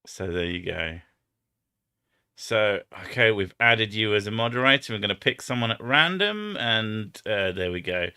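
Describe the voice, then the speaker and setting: A man's voice: on the low side, lively intonation, normal speed, pushed and bright, smooth, no echo, studio quality. A man with an Edinburgh Scottish accent, hosting a live stream in rambling casual chat, swearing and trying out silly impressions. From Scotland. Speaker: streamer host.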